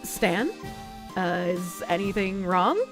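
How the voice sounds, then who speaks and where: A woman voicing a dry, sarcastic young heroine in a game, speaking low and flat. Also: slow pace, faint music behind.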